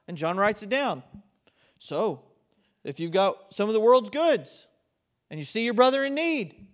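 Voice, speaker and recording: A middle-aged man preaching a sermon as pastor, swinging between loud, emphatic lines and quiet, intense stretches. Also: high-pitched, animated, measured pace, pauses often.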